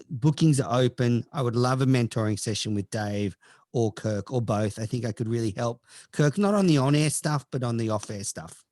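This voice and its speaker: A man's voice: mid-range voice, a little mellow, no room sound, clean studio sound. A man hosting a podcast in casual chat, giving mock-serious advice and reading listener questions. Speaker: podcast host.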